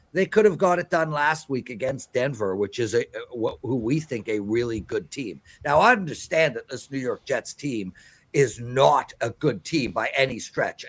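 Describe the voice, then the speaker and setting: A man giving emphatic, preachy sports betting picks on a live show. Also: mid-range voice.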